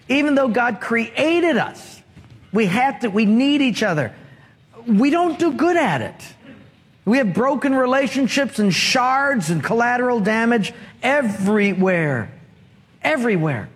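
A man's voice: extremely high pitch, slightly rough. A man preaching a sermon as pastor, telling stories with humor and acting out the voices in them. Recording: reverberant hall.

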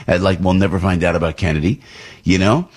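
A man's voice: low-pitched, fairly even intonation, brisk, a little mellow, breathy edge. An older man hosting talk radio, delivering an indignant, repetitive opinion monologue. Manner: indignant ranting, repeats himself. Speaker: radio host.

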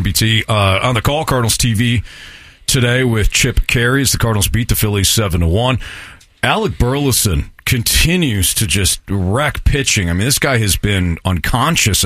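A man's voice: lowish voice, fairly bright tone, dry recording. A man hosting a sports radio show, asking loose, rambling questions.

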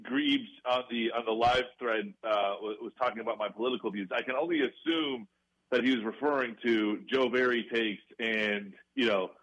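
Radio guy, kinda husky, rambly laughy sports chat into a studio mic. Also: mid-range voice, lively intonation, normal speed, fairly bright tone, muffled recording. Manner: rambling, laughing, trailing off with fillers. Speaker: sports talk radio co-host. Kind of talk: casual radio banter.

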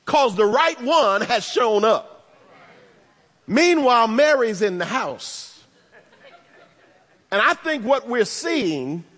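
A man preaching a sermon, animated, with humorous asides and bursts of shouting. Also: very high-pitched, long reverb tail. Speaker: pastor.

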